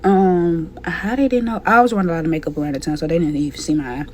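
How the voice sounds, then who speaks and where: A woman's voice: lowish voice, steady tone, fast talker, darkish tone, slight background noise. A young adult woman telling a personal story in a blunt, profane, candid way. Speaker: storytime vlogger. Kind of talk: casual storytelling.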